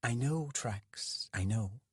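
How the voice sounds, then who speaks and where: A soft, pleading witch woman, husky and breathy, as a male narrator puts her on. Her pitch leaps and dips, and the reading is dry and close. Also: lively intonation, slow, dry recording, heavily acted.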